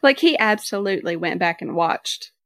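A woman's voice: mid-range voice, lively intonation, moderate pace, a bit bright, dry recording. A woman co-hosting a casual podcast, chatty and picky about details, reading summaries aloud. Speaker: podcast co-host. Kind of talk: casual chat.

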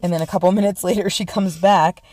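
A young woman, her voice sitting a little low, tells a history story casually and excitedly. She swears freely and fills her talk with "like" and "right?". The sound is dry and close. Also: fast talker, no echo. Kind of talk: casual profane history retelling.

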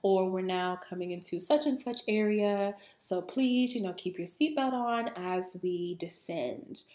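A woman hosting a podcast, telling a story in a casual, animated way, full of slang, swearing and laughter, then giving spiritual advice. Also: mid-range voice, measured pace. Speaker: podcast host and spiritual coach. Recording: roomy echo.

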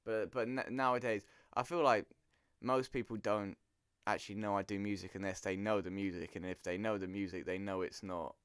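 A man's voice: fairly low pitch, fairly even intonation, brisk, fairly bright tone, clean tone, dry recording, studio quality. A man from England with an English accent, a musician guest chatting casually, hesitant and self-deprecating. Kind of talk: casual chat.

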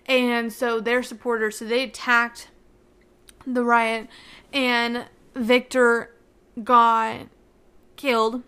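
A young woman with a slightly raised pitch talks through a book plot in a loose, excitable way. She keeps dropping "like" and "you know" into her sentences as she rushes ahead. She tries hard not to give away spoilers. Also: clean tone. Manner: chatty, heavy use of "like" fillers. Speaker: book reviewer. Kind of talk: casual book recap.

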